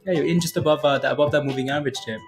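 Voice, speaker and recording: A man's voice: on the high side, steady tone, very fast, faint music behind. A man hosting a live day-trading stream, chatting casually with viewers, full of fillers and tag questions as he talks through charts. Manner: chatty, filler-heavy, keeps adding "right?" and addressing viewers by name. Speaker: livestream day-trading host. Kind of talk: casual live chart commentary reading chat.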